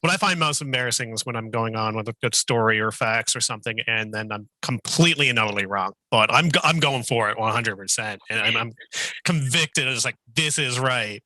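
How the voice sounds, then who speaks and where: Bright-voiced man laughing at himself. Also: mid-range voice, expressive, a little fast, dry recording. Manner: self-deprecating, laughing. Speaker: guest. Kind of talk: casual group chat.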